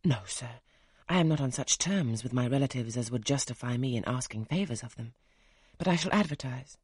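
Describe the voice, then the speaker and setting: A man with a husky voice reading the part of a reserved young woman governess in an audiobook, polite and measured, with a slightly raised tone. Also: mid-range voice, lively intonation, no echo, clean studio sound. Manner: polite, measured, soft-spoken.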